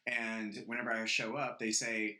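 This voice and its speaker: A man's voice: fairly low pitch, little pitch movement, normal speed, pushed and bright. A young man hosting a casual podcast, telling stories heatedly with a lot of swearing. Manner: profane, heated storytelling. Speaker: podcast host. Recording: roomy echo.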